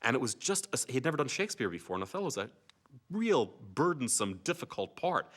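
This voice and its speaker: Animated older man telling showbiz stories. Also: medium pitch, fast. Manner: animated storyteller who breaks into comic voices. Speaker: actor recalling his work on a TV series. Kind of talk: casual reminiscing interview.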